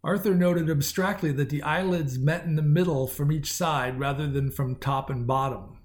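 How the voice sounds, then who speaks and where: A man narrating a science fiction story as an audiobook in a measured, lightly wry storytelling manner. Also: fairly high pitch. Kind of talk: scripted narration.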